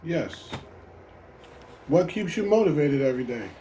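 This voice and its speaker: A man asking brief, quiet questions off camera. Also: fairly high pitch, lively intonation, measured pace, background noise.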